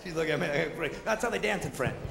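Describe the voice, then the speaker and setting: A man doing a high-energy stand-up comedy routine, ranting and jumping into shouted asides and mock voices. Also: animated, fast talker, vocal fry, crowd noise. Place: theater stage before a live audience. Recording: echoey hall, noisy 1990s concert recording.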